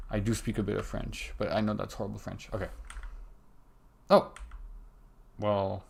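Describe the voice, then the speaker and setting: Young man, low gravelly voice, mumbling live-coding commentary, keys clacking faintly. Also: moderate pace, pauses often, a little hiss or hum. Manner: muttering to himself, self-interrupting. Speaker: game developer streaming his work. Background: keyboard typing and mouse clicks.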